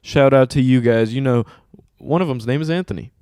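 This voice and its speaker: Young guy hosting, swears a lot, animated storyteller, medium voice, dry sound. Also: mid-range voice, fairly quick, clean tone, no room sound. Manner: animated, profane storytelling with lots of slang. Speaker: host. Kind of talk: casual podcast chat.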